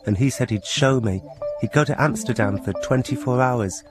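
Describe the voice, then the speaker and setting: Male radio presenter, wry deadpan storyteller, middle pitch. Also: normal speed, over music. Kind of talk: wry first-person radio essay.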